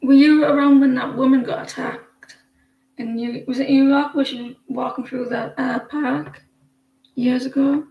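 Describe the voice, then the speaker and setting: A woman's voice: high voice, fairly even intonation, a little slow, vocal fry, echoey room, muffled recording. A woman hosting a live tarot stream, chatting with viewers in a rambling way and often restarting her sentences.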